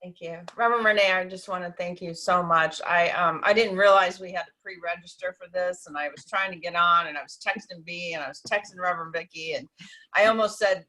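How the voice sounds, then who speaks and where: A woman's voice: on the low side, bright, forceful tone, low-quality recording. A woman congregant thanking a speaker in a rambling, heartfelt way, full of "you know" and "um". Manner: rambling, heartfelt, many fillers. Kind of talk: emotional thanks. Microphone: video call.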